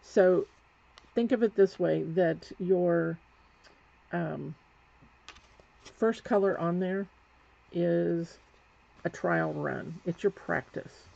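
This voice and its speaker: This painting instructor, a woman with a lowish, gravelly, mellow voice, speaks very slowly and pauses often. She chats while working through a live painting demonstration, correcting herself along the way. The lo-fi recording sounds dull, with faint background noise.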